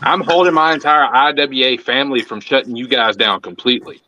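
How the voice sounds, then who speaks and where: A man's voice: medium pitch, fairly quick, bright, forceful tone, rough recording. A man sternly lecturing another panelist, backing up a point.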